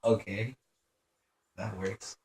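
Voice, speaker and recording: A young man talks through his gameplay, swearing freely and muttering to himself as he plays. His voice is mellow and dark, recorded in an echoey room with a faint hiss behind it. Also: fairly low pitch, flat delivery, drawn-out words. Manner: profane, jumpy, mutters to himself. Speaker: gameplay commentator. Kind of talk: gameplay commentary.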